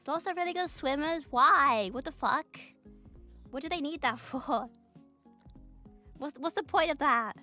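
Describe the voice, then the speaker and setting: Young woman, neutral British accent, streamer, casual rambling chat, giggly, slightly high voice, faint background music. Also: unhurried, long pauses, sharp tone.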